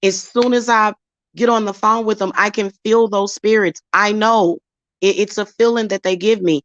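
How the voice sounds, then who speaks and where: A woman's voice: medium pitch, fairly even intonation, normal speed, no room sound, highs cut off. A woman, talking bluntly and emphatically as host of her own spiritual channel. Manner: blunt, emphatic, slips into acted quotes. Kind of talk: casual chat to camera.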